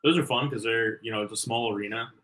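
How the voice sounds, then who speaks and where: A man's voice: mid-range voice, fast, very noisy. A man co-hosting a live game watch party, chatting loosely and calling out score updates. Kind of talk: casual live game chat.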